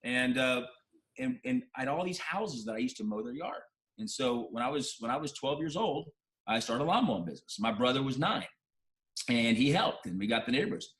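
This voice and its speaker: Guy telling an emotional story in an interview, mid-pitched voice, lots of restarts, heartfelt. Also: animated, a little fast, fairly bright tone. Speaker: interview guest. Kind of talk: personal storytelling in conversation.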